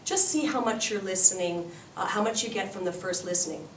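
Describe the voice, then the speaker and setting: A woman with a Canadian accent, an English teacher giving encouraging advice to students and demonstrating sentences. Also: medium pitch. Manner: encouraging, demonstrates sentences slowly then fast. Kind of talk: orientation talk to students. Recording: roomy echo, far from mic, faint noise.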